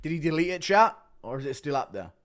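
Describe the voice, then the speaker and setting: A man's voice: a little high, big pitch swings, quick pace, fairly bright tone. A man hosting a livestream, talking bluntly to his chat and reading donations. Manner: blunt, profane, talks to chat. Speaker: livestream host. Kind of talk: livestream commentary.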